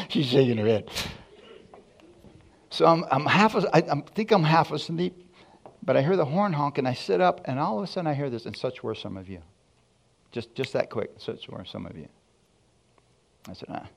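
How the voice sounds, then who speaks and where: A man preaching a sermon, telling a personal testimony in a lively storytelling way and acting out the dialogue. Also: on the high side, vocal fry. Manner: storytelling, animated, acts out dialogue.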